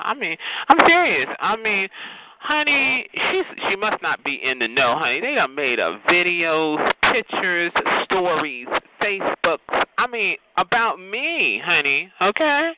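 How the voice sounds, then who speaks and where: Sassy man ranting over a noisy phone line. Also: normal speed. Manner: sassy and profane, calls listeners honey and child; animated with big pitch jumps and laughs. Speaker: caller on a phone chat line. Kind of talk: casual rant.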